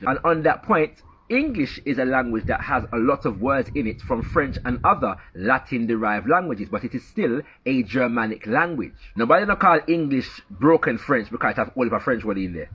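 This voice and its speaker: A man with a Jamaican accent explaining language in a measured, emphatic lecture style, often checking in with "yeah". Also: mid-range voice, husky. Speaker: commentator on language. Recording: dull lo-fi played clip.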